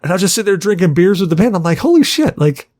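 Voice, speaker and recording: A man's voice: sits high, racing, a little mellow. A man co-hosting a podcast who tells a long story in a rambling, swearing way and acts out what people said. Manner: rambling, profane, acts out quotes. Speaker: podcast co-host. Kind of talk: casual storytelling chat.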